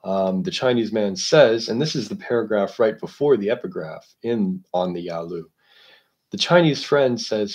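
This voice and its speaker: A man hosting a literature discussion, explaining a book in a measured, analytical way while thinking aloud. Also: on the low side, expressive, darkish tone.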